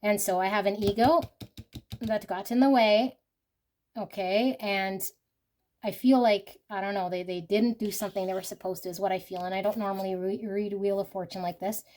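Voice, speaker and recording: A woman's voice: mid-range voice, steady tone, moderate pace, a little mellow. Rambling woman reading tarot cards. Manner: rambling, with lots of "like" and "you know"; laughs and swears casually. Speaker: tarot reader. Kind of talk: casual pick-a-card tarot reading.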